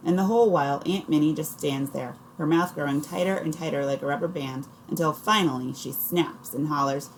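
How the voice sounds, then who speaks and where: A woman narrates an audiobook in the first person, in a steady storytelling manner. Her voice is low and dark. A faint hiss sits under it. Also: brisk, few pauses, low-quality recording. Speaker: audiobook reader.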